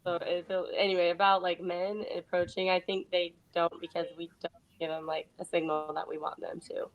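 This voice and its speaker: A woman's voice: fairly low pitch, little pitch movement, fairly quick, lo-fi sound. A woman calling into a live talk show, speaking hesitantly with many fillers. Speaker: caller. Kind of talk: casual call-in chat.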